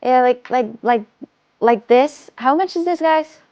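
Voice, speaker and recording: A woman's voice: sits high, unhurried, a little mellow, muffled recording. A woman with a Russian accent chatting casually on a live stream from home, rambling and often stumbling over and repeating her words.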